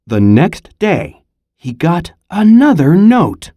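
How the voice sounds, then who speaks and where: A teacher reading a picture book aloud in a slow, expressive storytelling manner, pausing for comprehension questions. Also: medium pitch, no echo, studio quality.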